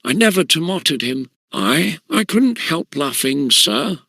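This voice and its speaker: A man's voice: fairly high pitch, very animated, slow pace, vocal fry, bright, forceful tone, dry recording, studio quality, heavily acted. A man voicing a fat, whining schoolboy who stammers and pleads.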